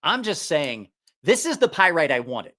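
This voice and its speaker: A man's voice: fairly high pitch, big pitch swings, normal speed, pushed and bright. A man with a slight Southeast Ohio accent hosting a casual livestream, rambling and correcting himself as he talks. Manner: rambling, self-correcting, chatty. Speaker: knife reviewer and channel host. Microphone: headphones on, studio mic.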